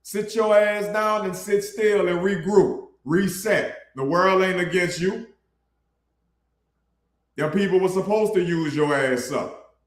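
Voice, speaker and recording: A man's voice: high voice, slow, echoey room. A man preaching a blunt, colloquial sermon for his online ministry, calling his listeners bro. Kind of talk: casual street sermon.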